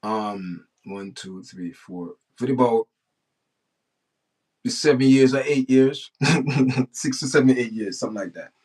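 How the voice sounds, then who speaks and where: A middle-aged man with a Jamaican accent holds forth on his own live stream in a loose, rambling monologue. He restarts his sentences often, and now and then he surges up in pitch and speed. His voice sits at an ordinary middle pitch for a man. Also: a little slow, long pauses, darkish tone, breathy edge, poor audio. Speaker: livestream host.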